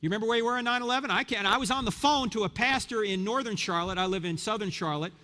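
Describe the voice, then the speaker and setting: A man's voice: sits high, quick pace. A man of about fifty giving a sermon-style lecture to a live audience, telling stories and asking rhetorical questions. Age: around 50. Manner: animated storyteller, rhetorical questions. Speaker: Christian speaker. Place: large hall with audience. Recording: reverberant hall.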